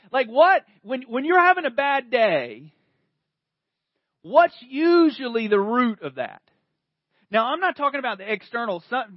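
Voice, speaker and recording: A man's voice: very high-pitched, no room sound, lo-fi sound. A male pastor preaching a sermon in a conversational way, rising to emphatic swells. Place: church service.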